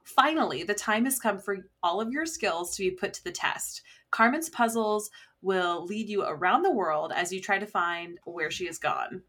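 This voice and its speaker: A woman's voice: medium pitch, normal speed, fairly bright tone. Playful woman narrating a game. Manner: playful, theatrical storytelling, laughs easily. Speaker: podcast co-host narrating an escape room. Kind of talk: casual chat and playful scene narration.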